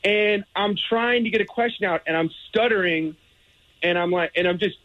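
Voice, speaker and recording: A man's voice: high-pitched, moderate pace, no room sound, muffled recording. A man calling in to a radio show, telling a story in a rambling, laughing way with many restarts. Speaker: radio caller. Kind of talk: casual storytelling.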